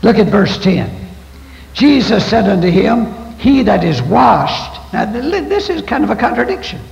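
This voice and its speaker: A man's voice: sits high, sing-song, moderate pace, vocal fry, darkish tone. An older man preaching a folksy, storytelling sermon as pastor. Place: church sanctuary. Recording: echoey church hall, dull lo-fi 1990s tape.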